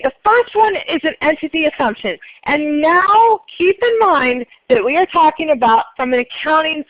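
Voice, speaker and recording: A woman teaching an accounting class, briskly polling students and explaining answers. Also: high-pitched, dry recording, lo-fi sound. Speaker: accounting instructor. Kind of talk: classroom lecture.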